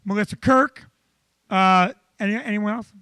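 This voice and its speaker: A male comedian hosting a live show from a comedy club, telling stories in an animated, chatty way. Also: high-pitched, moderate pace, clear, resonant tone.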